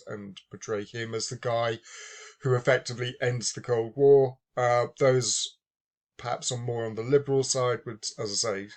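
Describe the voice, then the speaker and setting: A man's voice: medium pitch, vocal fry. A man giving a university lecture, thinking aloud with many fillers and restarts. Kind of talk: recorded lecture.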